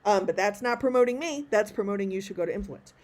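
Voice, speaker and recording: A woman's voice: medium pitch, animated, a little mellow. Chatty woman fielding audience questions. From Texas. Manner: chatty and self-deprecating, quick asides. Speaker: professional speaker answering audience questions. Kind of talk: live online Q&A talk.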